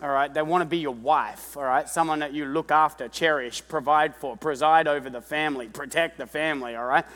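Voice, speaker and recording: Male pastor, 30s, high-pitched and animated, big church hall echo. lively sermon delivery. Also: brisk, few pauses. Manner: animated, shouting impressions of kids and parents. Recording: long reverb of a large church hall.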